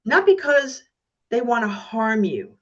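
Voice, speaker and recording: Lively storytelling woman, slightly muffled. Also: fairly high pitch, a little slow. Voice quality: animated storyteller, acts out voices in anecdotes. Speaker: guest speaker. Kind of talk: podcast interview.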